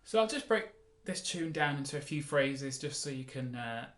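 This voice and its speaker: A man teaching a mandolin lesson, explaining in a relaxed way and counting the beats aloud. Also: a little high, moderate pace. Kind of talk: casual music lesson. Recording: roomy sound with mandolin playing.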